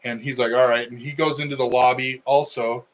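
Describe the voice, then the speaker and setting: A man's voice: medium pitch, flat delivery, fairly quick, poor audio. A middle-aged man, a wrestling coach co-hosting a podcast, telling a story in casual chat and acting out the quotes.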